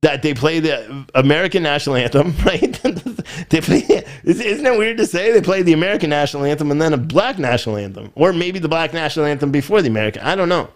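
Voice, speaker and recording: A man's voice: fairly high pitch, lively intonation, fast. Rambling, frustrated man host. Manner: frustrated, rambling, repeats himself. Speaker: podcast host. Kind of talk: casual political commentary.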